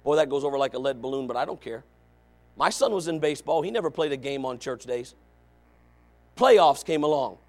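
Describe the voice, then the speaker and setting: Brisk and lively in intonation, a middle-aged pastor delivers a revival sermon built on emphatic repetition. His voice sinks to quiet asides before climbing into shouted exhortation.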